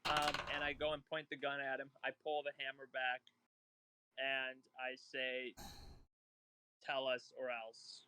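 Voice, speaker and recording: A man playing a tabletop role-playing game, stating his moves flatly and matter-of-factly. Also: medium pitch, normal speed, clean tone, no echo. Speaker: player. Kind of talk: casual tabletop game play.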